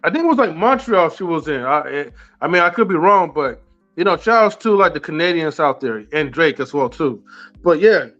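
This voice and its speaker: A man's voice: on the high side, animated, a little fast, fairly bright tone, highs cut off, soft background music. A man co-hosting a podcast in casual chat, talking loosely and slangy and stammering on restarts. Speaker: podcast co-host.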